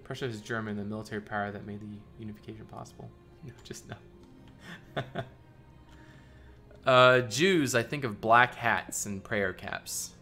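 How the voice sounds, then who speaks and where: A man on a live stream chats loosely with his viewers, rambling and thinking out loud, often breaking into laughs. His voice sits fairly low but rings bright and forceful. Quiet music plays faintly in the background. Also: moderate pace.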